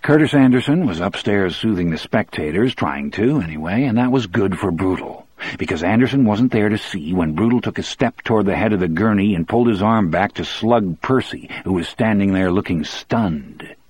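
Low, husky male audiobook narrator. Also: lively intonation, normal speed, a little mellow. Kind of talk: first-person audiobook narration.

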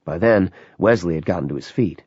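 A man narrating a novel in a lively, dramatic reading. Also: sits low, brisk, husky, no echo. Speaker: audiobook narrator. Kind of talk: scripted narration. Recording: dull, lo-fi sound.

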